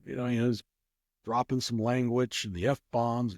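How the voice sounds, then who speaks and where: A man's voice: medium pitch, big pitch swings, fairly quick, a little mellow, dry recording, studio quality. A man telling a rambling casual story as an interview guest, with many restarts. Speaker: guest, craps player.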